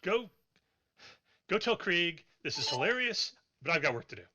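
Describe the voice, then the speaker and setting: A gruff, impatient dwarf clerk, as a man puts him on in a tabletop game, barking short lines. The voice is pushed up in pitch and loud, sharp in tone. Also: sing-song, moderate pace, heavily acted. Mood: dismissive.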